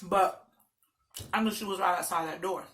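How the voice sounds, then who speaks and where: A woman vlogger telling a story in a loud, animated, dramatic way. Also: lowish voice, moderate pace. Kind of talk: casual storytelling.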